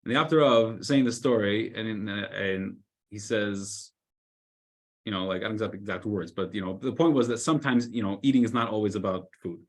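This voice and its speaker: A man, a rabbi, telling a story in a weekly Torah class, loudly acting out the scolding characters. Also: fairly low pitch, fairly quick. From United States. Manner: animated storyteller, shouts the lines of scolding characters.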